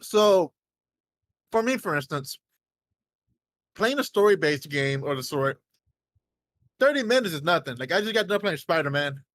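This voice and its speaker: A young man with a high voice chats casually about games. He stammers and restarts as he asks his co-host questions. The sound is dry and close. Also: expressive, measured pace, long pauses, a bit bright, dry recording. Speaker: podcast co-host. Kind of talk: casual gaming chat.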